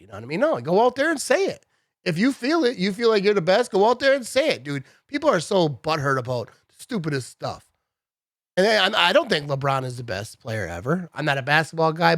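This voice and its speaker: A man in his thirties rants about sports in a loose, chatty way, calling people bro and dude. His voice sits a little high for a man. The sound is dry and close, with no room around it. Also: dry recording. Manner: animated, chatty, says "bro" and "dude" a lot. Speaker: sports vlogger. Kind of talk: casual sports rant.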